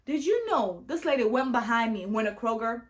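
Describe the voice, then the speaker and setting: A young woman from Sierra Leone telling a travel story in a casual vlog, animated and full of "you know" fillers. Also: a little high, normal speed. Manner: animated, acts out quoted voices, many fillers like "you know". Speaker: vlogger.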